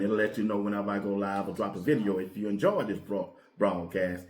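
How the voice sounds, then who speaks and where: A man's voice: fairly low pitch, fairly quick, echoey room. A man hosting a sports channel, laid-back and slangy in casual commentary, repeating lines for emphasis. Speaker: sports show host.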